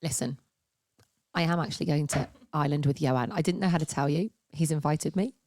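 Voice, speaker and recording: A woman co-hosting a podcast, bantering and teasing in a lively way. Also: low voice, brisk, slight background noise. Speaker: podcast co-host. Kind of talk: casual chat.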